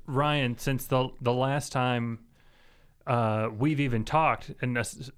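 A man's voice: mid-range voice, fairly even intonation, takes it slowly, smooth. A man in his thirties hosting a podcast, talking loosely with friends, laughing often and restarting his sentences. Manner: laid-back, laughs often, stumbling restarts. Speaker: podcast host. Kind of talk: casual chat.

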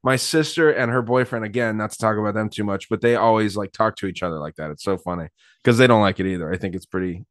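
A man's voice: fairly low pitch, fast talker, dry recording, clean studio sound. A man co-hosting a podcast, laid-back and blunt in casual chat. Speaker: podcast co-host.

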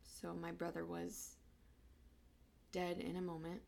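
Slow, creaky-voiced young woman. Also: fairly low pitch, completely flat delivery, a little mellow, a little hiss or hum. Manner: halting, fighting back tears. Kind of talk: personal story of loss.

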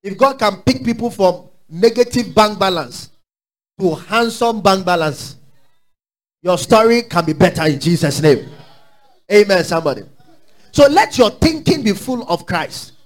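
High-voiced Ghanaian pastor preaching. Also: male voice, animated, unhurried. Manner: exhorting call-and-response preaching; swings between low asides and loud declarations. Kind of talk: sermon.

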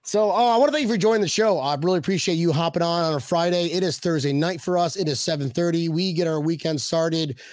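A man's voice: on the high side, fast, hardly any pauses, no echo. A man hosting a casual chat, playful and joking. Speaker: host.

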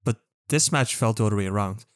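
A man's voice: on the low side, fast, no room sound, clean studio sound. Analytical man on a football podcast. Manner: analytical, explains at length. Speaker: podcast co-host. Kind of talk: casual podcast chat.

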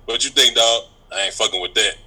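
A man's voice: medium pitch, fast, sharp tone, rough recording. A man co-hosting a podcast, teasing the others in slangy, joking banter. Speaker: podcast co-host.

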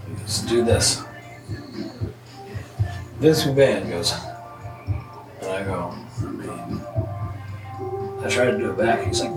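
Man guest, foul-mouthed animated storyteller; echoey room, off-mic, music underneath. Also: fairly low pitch, slow pace, gravelly, pauses often, far from the mic. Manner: profane, animated storyteller acting out quotes. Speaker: podcast guest. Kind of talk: casual storytelling. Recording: roomy echo, off-mic, music bed.

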